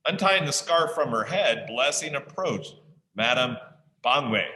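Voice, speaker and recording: A male teacher reading a story aloud to an online class, pausing often to ask the listeners questions. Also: medium pitch, lively intonation, sharp tone. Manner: slow, pausing to quiz listeners. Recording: echoey room sound.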